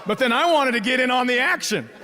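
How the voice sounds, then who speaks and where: High-voiced male stand-up comic. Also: lively intonation, fast talker. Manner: profane, incredulous storytelling with quoted voices. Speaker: stand-up comedian. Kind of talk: stand-up comedy set. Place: theater stage before a live audience. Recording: live stage mic, crowd noise. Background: audience laughter.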